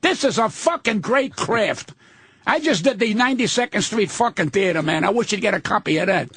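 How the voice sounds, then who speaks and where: An older man, a guest comedian on a radio talk show, telling indignant, profane stories in a loud ranting way. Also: sits high, expressive, fairly quick, breathy edge, no echo. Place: radio studio.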